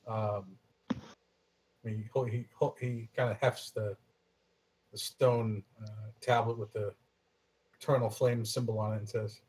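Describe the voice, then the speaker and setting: A man with a husky voice playing a tabletop game, describing his character's actions loudly and casually. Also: lowish voice, fairly even intonation, a little slow, pauses often, rough recording. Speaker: player.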